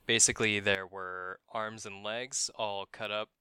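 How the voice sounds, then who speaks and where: Bright, crisp-voiced male podcast storyteller. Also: fairly low pitch, steady tone, unhurried, no echo. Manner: profane, wry, laughs at grim details. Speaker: podcast host telling a true-crime story. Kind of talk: casual storytelling chat.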